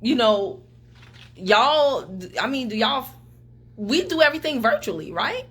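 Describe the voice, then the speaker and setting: A bright, forceful woman's voice, pitched a little high, leading a casual on-camera chat. She talks to her team in a lively, teasing, motivating way. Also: a little slow, slightly rough. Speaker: team leader.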